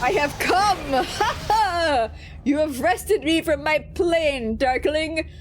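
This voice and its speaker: A woman voicing a pompous, cruel male demon lord, reading game dialogue aloud in a booming, theatrical way. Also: takes it slowly, a little hiss or hum. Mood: wrathful.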